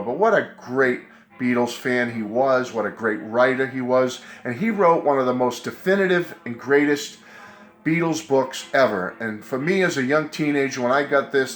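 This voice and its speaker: A man's voice: mid-range voice, fairly bright tone. A man in his fifties with a New England accent, chatting casually to camera as a collector, getting over a cold, rambling and self-correcting with enthusiasm. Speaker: collector vlogger.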